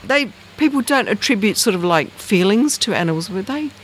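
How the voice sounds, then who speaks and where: A middle-aged woman telling stories in casual chat, leaping high in pitch whenever she quotes someone. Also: brisk, a little hiss or hum, rough recording. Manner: animated, jumps high in pitch for quoted voices. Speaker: guest storyteller. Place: outdoors at night in bush.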